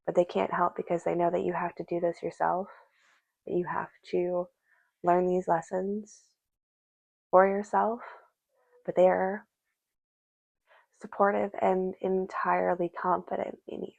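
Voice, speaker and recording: A woman's voice: lowish voice, monotone, a little slow, gravelly, pauses often, darkish tone, dry recording, muffled recording. A woman giving a casual spoken tarot reading, musing aloud and speaking directly to the spirits and to her viewers. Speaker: tarot reader.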